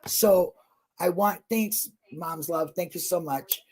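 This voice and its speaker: Emotional woman on a true crime stream, husky voice, gushing one sec and blunt and sweary the next. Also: fairly low pitch, takes it slowly, a little mellow. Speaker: true crime channel guest. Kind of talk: casual livestream chat.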